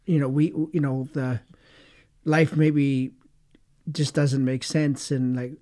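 A man's voice: medium pitch, level tone, slow, warm tone. A man co-hosting a faith webcast, talking reflectively and circling his thoughts with many fillers. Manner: meandering, many "you know" fillers. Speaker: webcast co-host.

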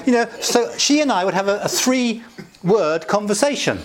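A middle-aged man delivers a relaxed, conversational sermon in a voice pitched a little above the usual. He keeps it chatty and jovial, chuckling often and sprinkling in asides. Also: normal speed, crowd noise. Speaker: pastor.

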